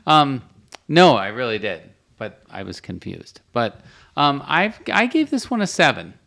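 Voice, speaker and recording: A podcast co-host with a voice of middling pitch talks through a TV episode in relaxed chat. The speech is halting, full of restarts and short agreeing replies. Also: gravelly. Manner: hesitant, with many fillers and restarts, reacting with short agreements. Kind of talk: casual chat reviewing a TV episode.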